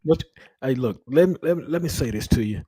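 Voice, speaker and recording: Lively husky-voiced male talk-show host. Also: mid-range voice, fairly quick, no room sound. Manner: relaxed, repeats words while hunting for the question. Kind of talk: casual interview.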